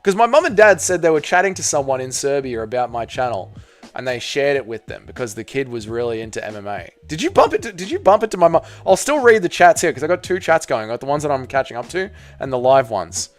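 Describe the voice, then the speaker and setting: A man's voice: mid-range voice, big pitch swings, quick pace, soft background music. An Australian man hosting a casual live stream, reading out chat messages, swearing freely and bantering with viewers. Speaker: livestream host reading chat.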